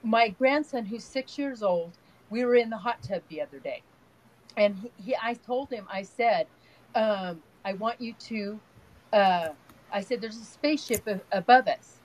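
Heard through a rough recording, this older woman's mid-range voice moves along unhurriedly. She's an energy healer being interviewed in a relaxed spiritual chat, rambling earnestly and softly while telling long stories.

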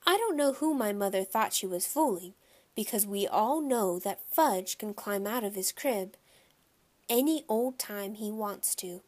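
Expressive woman reading a children's book. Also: mid-range voice, measured pace. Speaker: audiobook narrator. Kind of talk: children's audiobook narration.

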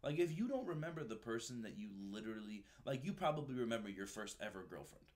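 A man hosting a casual interview podcast, telling stories in an animated way and swearing freely. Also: medium pitch, fast. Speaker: podcast host.

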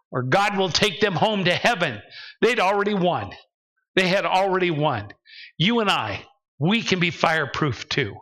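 Bright, high-voiced preaching man. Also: low-quality recording. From United States. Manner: emphatic, acts out the voices of believers he describes. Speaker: pastor. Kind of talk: sermon. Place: church sanctuary.

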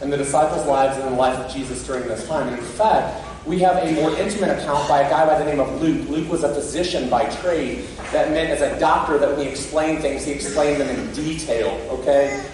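High-voiced pastor in an echoey church. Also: male voice, noisy background. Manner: conversational, checks in with the congregation. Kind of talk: Easter sermon. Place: church sanctuary. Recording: very echoey church from a distant mic.

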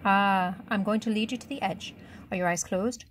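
A woman's voice: mid-range voice, fairly even intonation, moderate pace, a little hiss or hum, close to an everyday voice. A woman reader voicing a blunt, cocky French boy who talks in curt, matter-of-fact lines. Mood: instructing.

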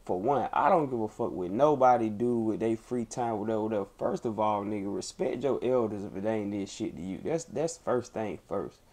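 Blunt streamer giving heated commentary. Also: male voice, fairly low pitch, fairly quick, hardly any pauses, a little mellow. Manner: blunt, emphatic, repeats points, swears freely. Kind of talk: live reaction commentary.

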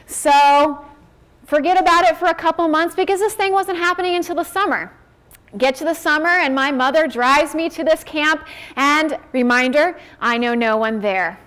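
A woman in her thirties, a career coach telling a personal story to an audience in an animated way. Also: high-pitched, normal speed. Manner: animated, acting out quoted voices.

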